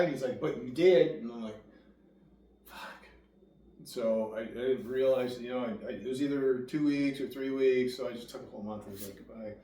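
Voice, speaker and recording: A young guest relating his recovery speaks in a medium-pitched voice at a moderate pace, telling a loose, rambling story full of swearing in casual conversation. He acts out others' words with lively voices, while the distant mic picks up room echo and faint background noise.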